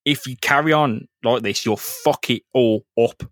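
A man's voice: medium pitch, a little slow, fairly bright tone, no echo, clean studio sound, lightly acted. A man reading as an earnest young woman protester. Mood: pleading.

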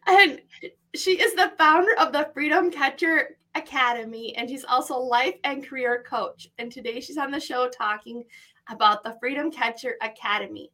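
Enthusiastic and effusive, a woman keeps a casual podcast interview chat going as host. She talks at an ordinary speed in a high, bright, pushed voice.

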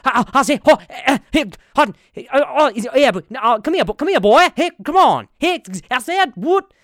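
A man's voice: extremely high pitch, expressive, normal speed, no echo, clean studio sound, pitched above the performer's own voice, exaggerated voice. A man doing an impression of a blustering cartoon rooster, stuttering and repeating himself. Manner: loud, blustering, repetitive. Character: blustery loudmouth cartoon rooster, male, Southern drawl.

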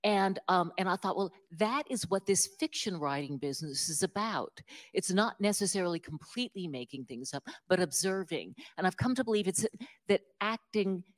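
A woman author being interviewed, telling stories in an animated, self-deprecating way and laughing often. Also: fairly low pitch, normal speed. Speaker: author guest. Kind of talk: conversational interview storytelling.

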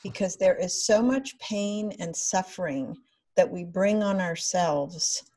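A woman guest on a podcast, telling stories and explaining her ideas in a measured, earnest way. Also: fairly low pitch, mellow. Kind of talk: conversational podcast interview.

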